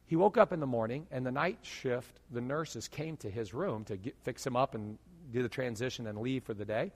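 A man preaching a sermon, telling stories and swinging from hushed tones to loud emphatic preaching. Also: medium pitch, normal speed. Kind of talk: sermon with storytelling.

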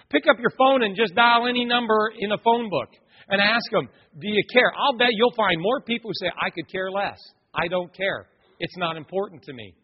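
A man preaching a sermon as a pastor, dramatic and animated, acting out quoted voices. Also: high-pitched, slightly rough. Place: church sanctuary. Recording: muffled, long hall reverb.

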